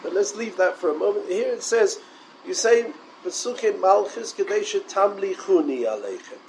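A man giving a Torah lecture, animated and full of rhetorical questions, mixing in Hebrew and Yiddish terms. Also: sits high, normal speed, gravelly, slight background noise, low-quality recording. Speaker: rabbi.

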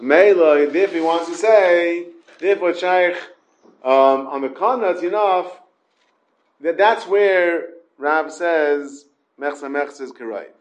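A man with a Yeshiva English accent teaches an informal Talmud class, sprinkling Hebrew and Yiddish terms into his English and questioning his students. His voice is on the high side, he speaks slowly, and the recording is rough.

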